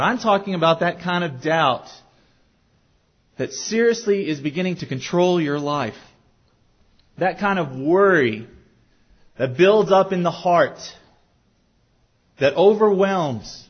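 A man's voice: fairly high pitch, expressive, unhurried, long pauses. A man preaching a sermon to his congregation, earnest and often putting questions to the room. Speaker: pastor. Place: church sanctuary. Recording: dull lo-fi recording.

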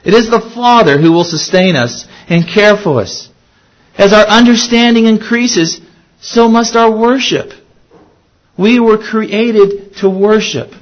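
A man's voice: high voice, a little slow, highs cut off. A man preaching a sermon as pastor, earnest, asking his listeners questions and repeating key phrases for emphasis.

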